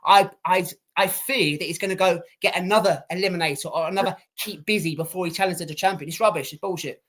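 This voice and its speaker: A man's voice: high-pitched, fast talker, a bit bright. A man co-hosting a casual boxing podcast, ranting and swearing with lots of repetition. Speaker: podcast co-host.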